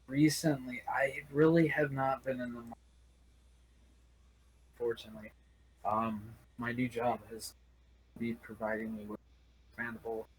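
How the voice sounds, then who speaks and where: A man from Wisconsin chats as a stream guest, joking and telling loose, rambling stories. His pitch sits mid-range. A faint noise runs behind him. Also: level tone, unhurried, pauses often, poor audio. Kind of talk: casual interview chat.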